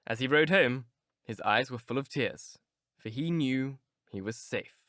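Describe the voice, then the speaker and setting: A man reading a classic novel aloud in measured, expressive scripted narration on a close mic. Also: medium pitch, dry recording. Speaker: audiobook narrator.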